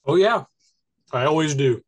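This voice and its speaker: A man's voice: a little high, animated, moderate pace. A man co-hosting a podcast in casual chat, speaking hesitantly with many fillers and laughing easily. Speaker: podcast co-host.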